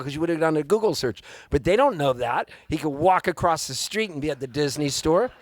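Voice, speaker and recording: A man with a slightly raised pitch tells a rambling, excitable story to a live audience at a music venue. He throws himself into the voices of the people he quotes. His voice comes through a stage microphone with a dry, close sound. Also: a little fast, dry recording. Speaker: singer-songwriter performing live. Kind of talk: storytelling between songs on stage.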